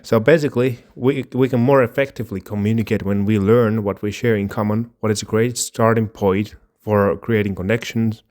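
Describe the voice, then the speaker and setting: Podcast co-host, male, lowish voice, rambling conversational delivery with restarts. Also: fairly even intonation, brisk, few pauses, a little mellow. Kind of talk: casual chat.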